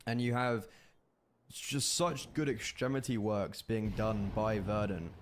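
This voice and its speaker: A man casting a live competitive shooter match as play-by-play commentator, animated and rising in bursts at big plays. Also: on the low side, takes it slowly, slight background noise. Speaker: esports caster.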